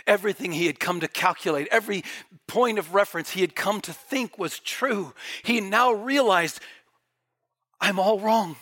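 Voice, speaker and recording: A man's voice: sits high, moderate pace. A male preacher delivering a dramatic sermon, dropping to near-whispers and then surging with fervor. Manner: dramatic, swings from quiet whispers to fervent bursts.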